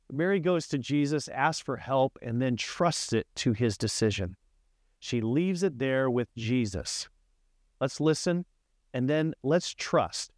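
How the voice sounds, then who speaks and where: Male pastor, devotional sermon and prayer, mid-pitched, dry close sound. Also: lively intonation, measured pace, a little mellow, dry recording. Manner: storytelling, voices a joke's characters.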